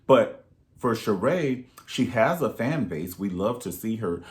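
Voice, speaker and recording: A man's voice: on the low side, expressive, unhurried. A man giving sassy, profane, rambling gossip commentary in a vlog.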